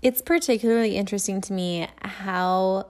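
A woman telling a personal story about her brother, playful and lively, acting out the dialogue. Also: medium pitch, moderate pace.

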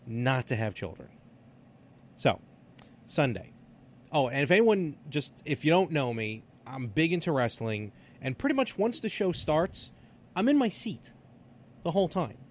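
A man co-hosting a podcast, telling stories in casual chat and acting out what people said. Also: slight background noise. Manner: animated storyteller, acts out quotes with big pitch jumps. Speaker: podcast co-host.

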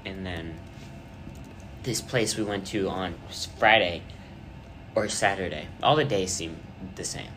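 A man's voice: low-pitched, measured pace, long pauses, a bit bright, slight background noise. Young man rambling through a podcast story. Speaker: podcast host. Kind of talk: casual chat.

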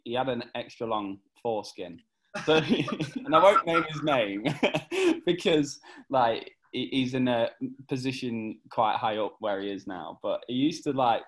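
Lively, laughing man telling stories. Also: mid-range voice. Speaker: guest, former footballer. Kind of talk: casual podcast chat.

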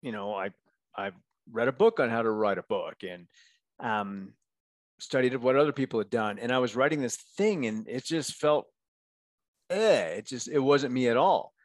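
A man's voice: mid-range voice, normal speed, no room sound. A man speaking as a guest coach in a casual podcast interview, talking candidly and encouragingly and often checking in with "right?". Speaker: guest, men's coach and author.

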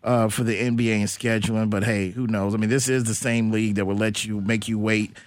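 A man's voice: lowish voice, fairly even intonation, fairly quick, no room sound. A man hosting a sports talk radio show from a studio, blunt and opinionated, rambling through his points.

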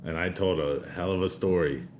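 A man's voice: low voice, normal speed, darkish tone, slight background noise. A young man as a podcast guest in casual chat, laid-back, giving short answers.

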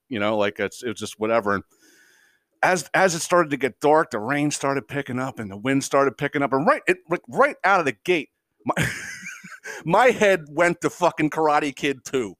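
A man's voice: on the high side, wildly swooping pitch, moderate pace, a bit bright, no room sound, clean studio sound. A man hosting a podcast, telling a long story in a casual, profane, exasperated way and laughing as he goes. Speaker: podcast host.

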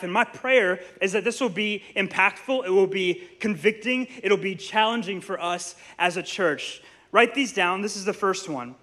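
A man, preaching a sermon in a church with animated storytelling and playful asides to the congregation. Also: high-pitched. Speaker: pastor. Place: church sanctuary.

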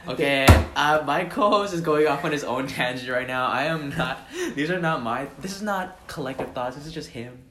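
A man's voice: medium pitch, normal speed, few pauses, background noise. A young man co-hosting a podcast, chatting casually and animatedly, often laughing while he jokes. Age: young adult. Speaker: podcast co-host. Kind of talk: casual chat.

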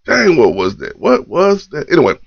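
This host of a morning poetry stream has a fairly high, creaky voice that swings hugely in pitch at a normal speed. He says hello to viewers, reads their comments aloud, and keeps it relaxed with loose slang and repeated phrases, all over dry, dull lo-fi audio.

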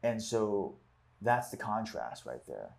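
Guy with a lowish voice reading a book passage out loud then chatting about it. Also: sing-song, slow pace, gravelly. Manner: reads passages aloud, then reflects with fillers. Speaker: discussion leader. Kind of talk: book club discussion.

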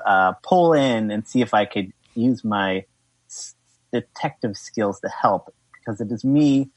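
A man's voice: medium pitch, no room sound, rough recording. A man in casual tabletop role-play chat, a player who jokes and rambles in character.

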